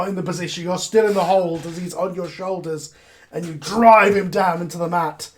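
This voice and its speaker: Man, high voice, game master calling wrestling action with play-by-play energy. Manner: excited play-by-play narration. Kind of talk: narrating a tabletop wrestling game.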